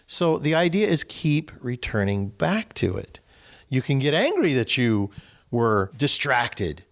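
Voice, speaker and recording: A man's voice: mid-range voice, sing-song, measured pace, a bit bright. A man in a spiritual group discussion, making his points with vivid everyday examples. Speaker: discussion participant.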